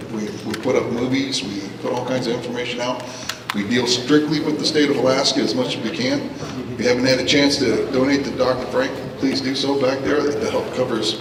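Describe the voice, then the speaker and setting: Guy wrapping up an event, kinda halting, noisy echoey room. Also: mid-range voice. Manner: plain, slightly halting. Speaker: event organizer. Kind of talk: closing announcements. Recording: echoey hall, distant mic, noisy.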